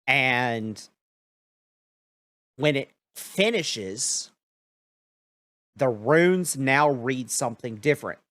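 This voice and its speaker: A man narrating as game master of a tabletop game, talking in an unhurried way full of fillers. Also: mid-range voice, animated, fairly bright tone, no echo.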